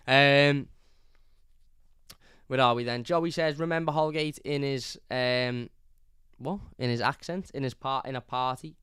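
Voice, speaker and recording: Young scouse guy ranting about the match, really clean dry sound, kind of monotone. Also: mid-range voice, clean tone, no room sound. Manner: blunt, opinionated, repeats points. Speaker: fan channel host. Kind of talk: live match review reading chat comments.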